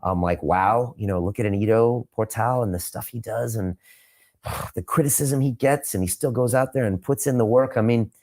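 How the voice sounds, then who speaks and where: A man answering interview questions, emphatic and repeating his points for punch, sometimes turning quiet and reflective. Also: medium pitch, moderate pace. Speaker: podcast host being interviewed.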